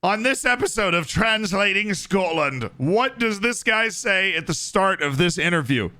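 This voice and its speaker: A man streaming a football management game, chatting to his viewers in an excitable way and laughing often. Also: high-pitched, unhurried. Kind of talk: casual live-stream chat.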